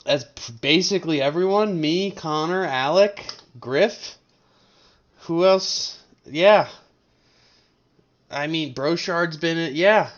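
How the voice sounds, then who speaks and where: A man's voice: a little high, takes it slowly, long pauses, highs cut off. A young man from Colorado hosting a casual fantasy league recap to camera, rambling and teasing his friends. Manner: rambling, joking, teasing banter. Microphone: webcam setup at a desk.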